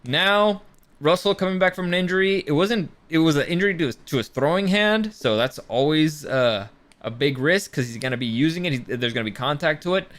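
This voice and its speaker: A man co-hosting a casual sports podcast, excitable and argumentative, swearing freely. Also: fairly high pitch, a little fast. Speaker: podcast co-host.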